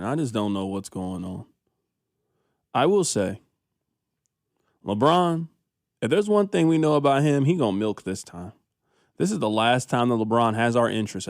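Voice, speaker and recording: A man co-hosting a casual sports talk radio show, riffing in an animated, incredulous, slangy way into a studio microphone. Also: mid-range voice, normal speed, dry recording.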